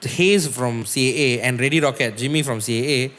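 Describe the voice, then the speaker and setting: A man, a guest musician, tells stories on a casual podcast in an animated way, swearing and using a lot of "like". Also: mid-range voice, fairly quick, long reverb tail.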